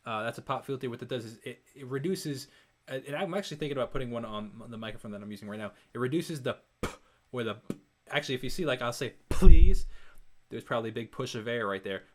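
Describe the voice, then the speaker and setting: A man's voice: mid-range voice, quick pace, fairly bright tone, slight background noise. A young man hosting a music reaction, explaining recording techniques in a casual, rambling way, often correcting himself and demonstrating sounds aloud.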